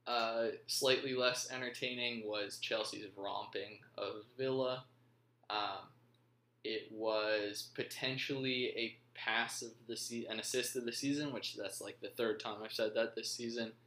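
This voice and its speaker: A man's voice: mid-range voice, steady tone, unhurried, sharp tone. A man hosting a casual football recap, rambling with frequent ums. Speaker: podcast host. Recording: roomy echo.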